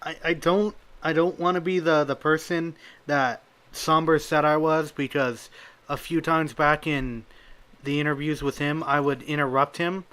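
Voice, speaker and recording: A man's voice: fairly high pitch, steady tone, unhurried, a bit bright, smooth. A nineteen-year-old man interviewing guests over a voice call, hesitant and often restarting his sentences. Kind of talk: casual interview over voice chat. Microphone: computer mic on a voice call.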